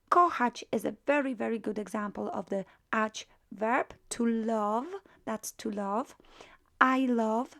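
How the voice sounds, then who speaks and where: A woman's voice: on the high side, gravelly. A woman teaching a language lesson, patiently repeating and drilling each word form. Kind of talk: slow explanatory lesson.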